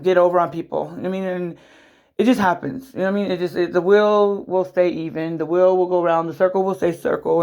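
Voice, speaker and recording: A middle-aged woman vlogging an emotional personal story, rambling and swearing, with many restarts and a voice that jumps up high when she is upset.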